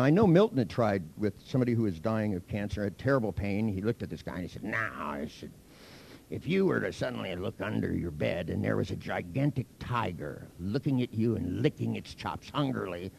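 Male hypnosis instructor, gravelly voice, swoops up and down a lot, crude teasing storyteller in front of a crowd. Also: fairly low pitch, lively intonation, fairly quick, darkish tone. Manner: blunt, profane, teasing storyteller. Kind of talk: seminar lecture with anecdotes.

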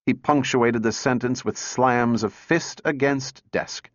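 A man's voice: fairly low pitch, lively intonation, a little slow, hardly any pauses, fairly bright tone, no room sound, highs cut off. Man narrating a story, dry sound. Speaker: audiobook narrator. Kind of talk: scripted narration.

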